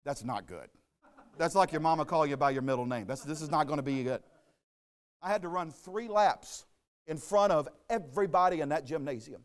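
High-voiced folksy preacher man. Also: a little fast. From Arkansas. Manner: folksy, joking asides, storytelling. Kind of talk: sermon.

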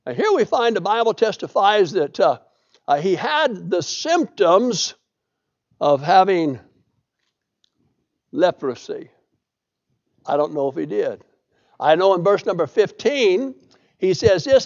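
A preacher tells the story in a folksy manner and reads scripture aloud. His voice is high for a man and full of gravelly fry. The recording sounds dull and lo-fi. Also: animated, unhurried. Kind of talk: sermon.

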